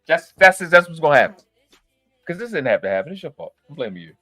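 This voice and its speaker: A man hosting a live reaction stream, ranting in a profane, exasperated, slang-heavy way, swinging from loud outbursts to low mutters. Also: sing-song, fast, dry recording, soft background music.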